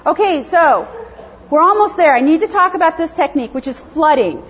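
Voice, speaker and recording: A woman gives a conference lecture on animal behavior, taking audience questions and explaining in a chatty, self-deprecating way with frequent laughter. Her high voice is brisk with lively intonation, and the lo-fi sound is dull.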